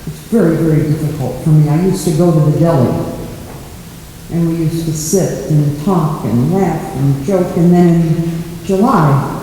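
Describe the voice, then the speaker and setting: A woman official gives a heartfelt ceremonial address, pausing often between phrases. Her voice is mellow and dark-toned, and the long echo of a big hall wraps around every word. A faint hum of noise sits underneath. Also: low-pitched. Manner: slow, heartfelt, with long pauses. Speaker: public official giving a speech. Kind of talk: ceremonial speech. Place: large indoor hall.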